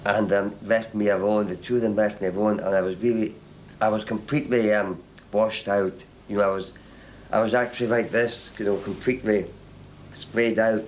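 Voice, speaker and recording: A man recounts his experience in an archival interview, stopping and restarting his sentences often. His voice sits somewhat low, with a faint hiss beneath it. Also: fairly even intonation, rough recording. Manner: halting, repeats and restarts words.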